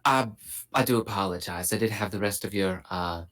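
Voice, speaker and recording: A man's voice: fairly low pitch, brisk, a bit bright, close to an everyday voice. A man voicing a once-weary female official in a tabletop game, with a light, teasing manner. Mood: pleased. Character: cheerful female official, tired but now pleased.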